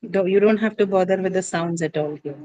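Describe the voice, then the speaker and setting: A woman's voice: on the low side, fairly quick, dark tone, low-quality recording. Woman teacher, classroom lecture, step-by-step explaining, faint background noise. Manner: explains step by step, frequent fillers and tag questions. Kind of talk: classroom lecture on word stress.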